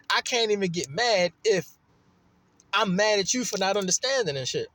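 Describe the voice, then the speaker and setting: A man's voice: sits high, expressive, moderate pace, fairly bright tone. A man from Baltimore with a Baltimore accent, telling a rambling, profane personal story in a casual monologue. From Baltimore, USA.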